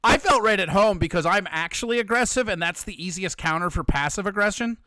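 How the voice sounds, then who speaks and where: Blunt opinionated dude chatting, pretty high voice, swears a lot, dry close sound. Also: male voice, fairly quick, pushed and bright, no echo. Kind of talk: casual chat.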